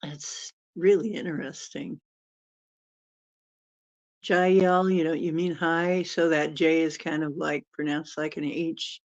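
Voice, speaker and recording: A woman's voice: deep voice, steady tone, takes it slowly. A woman hosting a casual live-stream Q&A as a spiritual channeler, chatting in a rambling way and laughing often. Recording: dull lo-fi sound.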